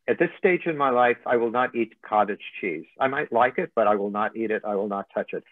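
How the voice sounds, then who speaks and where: A man's voice: lowish voice, breathy edge, no room sound. A man, a motivational coach, giving a webinar presentation over a video call. He talks conversationally and tells humorous anecdotes. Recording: thin phone-like line, dry.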